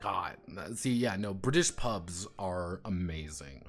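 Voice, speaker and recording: A man's voice: deep voice, animated, slow pace, soft background music. A man streaming live, chatting casually and ranting with lots of swearing and jokes. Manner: profane, ranting, jokey.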